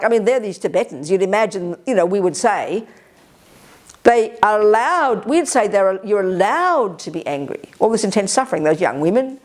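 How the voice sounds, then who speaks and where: An older woman giving a Buddhist teaching at a retreat, animated and emphatic, slipping into other people's voices when she quotes them. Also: mid-range voice. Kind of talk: Dharma talk at a retreat.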